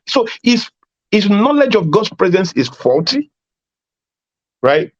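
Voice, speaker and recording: A man's voice: high-pitched, sing-song, slow, long pauses. Emphatic man preaching, lo-fi sound. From Nigeria. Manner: emphatic, repeats phrases, acts out dialogues with rising voice. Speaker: speaker at a youth conference. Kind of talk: preaching talk. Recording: dull lo-fi sound.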